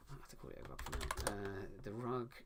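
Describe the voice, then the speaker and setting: A man's voice: fairly low pitch, lively intonation, a little fast, very noisy. A man writing a story live, muttering and correcting himself as he reads his sentences aloud. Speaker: author writing a book live. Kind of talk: thinking aloud while drafting prose. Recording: loud keyboard typing throughout. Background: keyboard clicks and typing.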